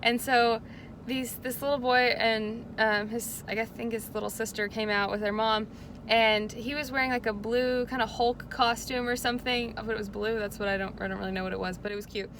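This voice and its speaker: Bubbly high-voiced young woman vlogging. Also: fairly even intonation, fairly quick, fairly bright tone, a little hiss or hum. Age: young adult. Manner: bubbly, gushing, lots of fillers. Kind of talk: casual vlog chat.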